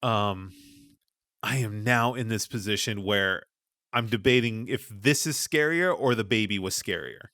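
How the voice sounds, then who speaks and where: A man's voice: lowish voice, measured pace, sharp tone, dry recording, studio quality. A man on a gaming podcast, casually and animatedly retelling a scary play session, swearing as he goes. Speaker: podcast host.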